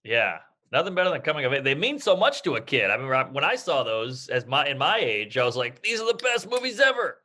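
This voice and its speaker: A man's voice: medium pitch, big pitch swings, fast, hardly any pauses, pushed and bright. A man in his thirties hosting a casual chat over drinks, riffing crude comic banter and laughing along. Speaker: podcast host.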